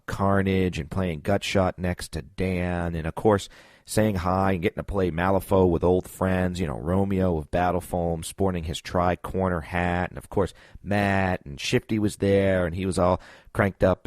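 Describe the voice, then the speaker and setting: A man's voice: deep voice, a little mellow, no echo, studio quality. A man co-hosting a gaming podcast, telling a rambling, self-deprecating story in casual talk. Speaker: podcast co-host. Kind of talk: casual monologue.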